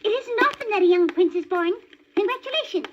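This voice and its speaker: A woman voicing a fussy male magpie bird in a storybook record, with high flustered exclamations. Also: animated, fairly quick. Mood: excited. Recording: dull crackly old vinyl record.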